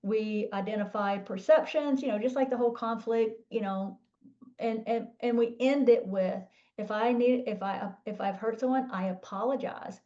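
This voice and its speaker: Woman coach explaining things earnestly, warm low-key tone, muffled faraway sound. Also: moderate pace, far from the mic. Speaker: guest coach. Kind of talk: panel discussion.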